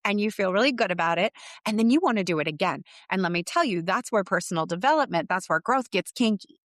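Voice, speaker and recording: A middle-aged woman, a business coach, telling a story in a podcast monologue and acting out her clients' inner voices with animated shifts. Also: medium pitch, fast, dry recording, clean studio sound.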